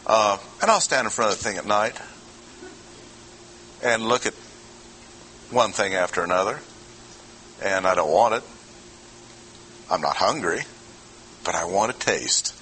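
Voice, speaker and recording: A man preaching to a congregation in a bright, forceful voice. He keeps it conversational and stops to ask his listeners questions. A faint background ambience sits under his words. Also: on the low side, lively intonation, a little slow, long pauses, a little hiss or hum, low-quality recording. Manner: conversational, asks the audience questions. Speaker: pastor. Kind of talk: expository sermon.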